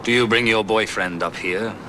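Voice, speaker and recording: An actor playing a charming, courteous French family friend with a French accent in a sitcom. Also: male voice, fairly low pitch, moderate pace, background noise, close to an everyday voice. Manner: suave, courteous. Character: charming handsome French man, middle-aged. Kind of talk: sitcom acting.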